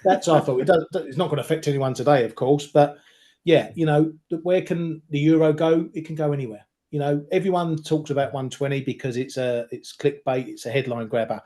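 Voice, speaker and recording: A man who is a market analyst giving his view on a live webinar, measured and wry, hedging his calls. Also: a little high, steady tone, mellow.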